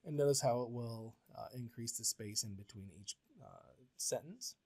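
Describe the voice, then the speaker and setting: Male instructor, mid-pitched, patient step-by-step screen-recorded tutorial delivery. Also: moderate pace, a little mellow, husky. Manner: step-by-step, plain and patient, with frequent uh fillers. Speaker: professor. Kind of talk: software tutorial walkthrough.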